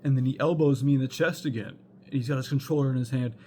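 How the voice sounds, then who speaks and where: A man's voice: medium pitch, fast, darkish tone, a little hiss or hum. A young man telling a rambling storytime anecdote, full of fillers and swearing. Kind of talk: casual storytime monologue.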